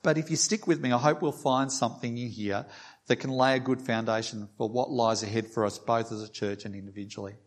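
A man's voice: medium pitch, fairly even intonation, fairly quick. A man preaching a sermon, reading a passage aloud with small restarts and lightly voicing the quoted lines. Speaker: pastor.

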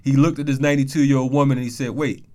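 A man's voice: medium pitch, little pitch movement, racing, darkish tone. A man hosting a casual talk show, talking loose street slang and telling a story with heat. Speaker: podcast host. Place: Atlanta.

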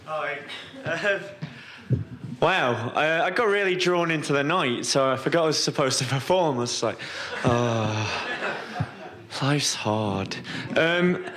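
A man's voice: a little high, moderate pace, music in the background. A male stand-up comedian opening his set in a hesitant, rambling way. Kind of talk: live stand-up. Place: comedy venue with a live audience. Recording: live show with crowd audible.

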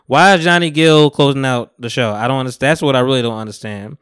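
A man's voice: medium pitch, fast, fairly bright tone, clean tone, dry recording, studio quality. A young man hosting a podcast, talking in a loose, rambling way with plenty of slang and cursing. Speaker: podcast host. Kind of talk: casual chat.

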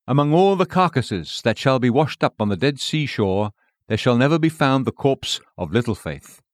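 A man reading an old sermon aloud in a measured, solemn way. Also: medium pitch, expressive, no echo, clean studio sound. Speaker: preacher.

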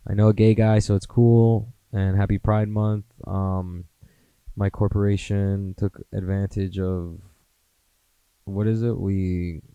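A man's voice: on the low side, warm tone, smooth, no room sound, low-quality recording. Laid-back American man rambling on a podcast. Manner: rambling, profane, self-mocking. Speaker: podcast host. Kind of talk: casual solo podcast rambling.

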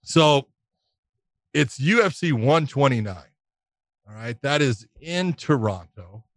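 A man telling a casual anecdote on a talk show, animated, laughing through it and swearing freely. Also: mid-range voice, slow pace, no echo. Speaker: podcast co-host telling a story. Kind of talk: casual storytelling.

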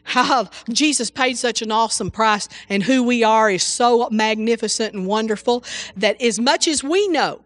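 A woman delivers an informal sermon in a fairly high voice, breaking in with hallelujahs and trailing into restarts. The sound is close and dry, with no room in it. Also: moderate pace, no echo. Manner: repetitive, exclamatory, frequent hallelujahs and restarts. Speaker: preacher.

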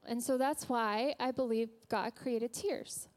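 In a church, a woman preaches a sermon with an earnest, gentle storytelling manner. Her slightly high voice has fairly even intonation, and she speaks slowly and deliberately, lingering over each phrase.

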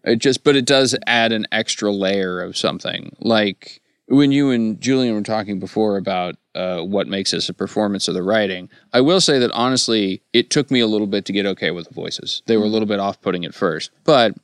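A man with a low voice talks through sketch comedy in a loose, chatty way, laughing now and then. The sound is dry and close, with no room around it. He drifts from point to point at an easy pace. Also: brisk, hardly any pauses, smooth, no room sound. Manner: relaxed, laughs often, slips into silly voices. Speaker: comedy podcast co-host. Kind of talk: casual discussion of sketch comedy.

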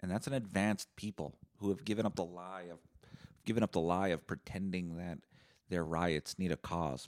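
A man's voice: low voice, moderate pace. A young man from Canada hosting a podcast, delivering a sarcastic, profane solo rant. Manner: sarcastic, profane, animated ranting. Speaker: podcast host.

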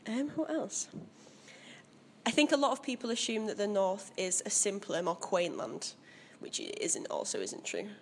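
A woman's voice: medium pitch, expressive, normal speed, slight background noise. A young woman, chatting casually and with opinions in an interview and laughing often. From Leeds area, Northern England.

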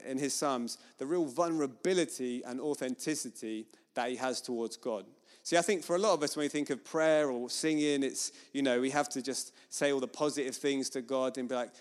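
A man preaches a sermon in a relaxed, conversational way. He often acts out the voices he quotes. His mid-range voice carries a long hall reverb. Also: medium pitch.

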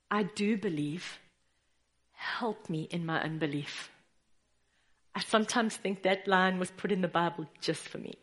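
A woman preaching a sermon in an earnest way, rising to firm declarations and dropping to soft, pleading tones. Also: medium pitch.

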